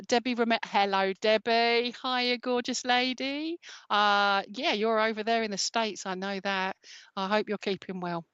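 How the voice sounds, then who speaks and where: A woman hosting a live stream as a spiritual medium, chatting casually and greeting viewers warmly with many ums and endearments. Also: a little high, clean tone, dry recording. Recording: dry, slightly dull sound.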